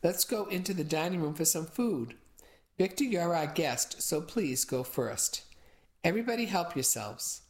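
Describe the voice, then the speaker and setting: A woman's voice: on the low side, lively intonation, moderate pace, darkish tone, reverberant, lightly acted. A woman voicing a hospitable middle-aged mother who calls her guests in. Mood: welcoming.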